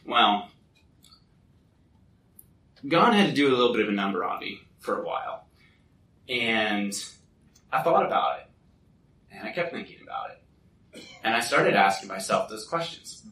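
A man giving a personal testimony at a church, telling a lively story and acting out what others said. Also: lowish voice, moderate pace, long pauses. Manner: lively storyteller who acts out what people said. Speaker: guest speaker at a church. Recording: echoey hall, mic from a distance.

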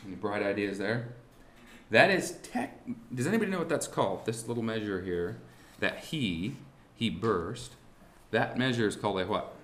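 A man teaching a class on musical timing, talking haltingly with many restarts and asking the students rhetorical questions. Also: on the low side, animated, fairly bright tone, echoey room, a little hiss or hum. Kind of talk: classroom lesson on beat patterns. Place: warm indoor classroom.

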